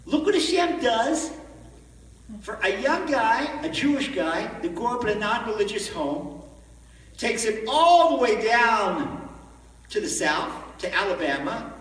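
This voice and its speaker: A man giving an animated storytelling sermon as a rabbi at a conference, recorded from far off in a large echoey hall. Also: very high voice, unhurried. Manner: animated, acts out the story in voices.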